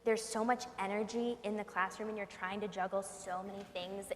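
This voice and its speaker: A woman's voice: mid-range voice, fairly even intonation, fairly quick. A woman in her twenties, a teacher on an alumni panel, speaking candidly and poking fun at herself. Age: 20s. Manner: candid and self-deprecating. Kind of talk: casual panel talk. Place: campus event room. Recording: reverberant hall with faint noise.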